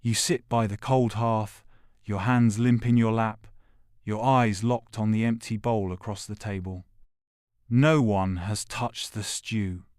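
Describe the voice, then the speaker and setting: A man narrating a second-person audio drama in a grave, measured way, with short, clipped phrases. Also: on the low side, fairly even intonation, a little mellow, dry recording, clean studio sound.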